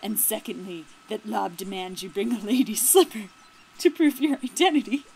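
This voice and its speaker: A woman's voice: mid-range voice, normal speed, gravelly, darkish tone, slight background noise, lightly acted. A woman reading as an urgent young outlaw messenger.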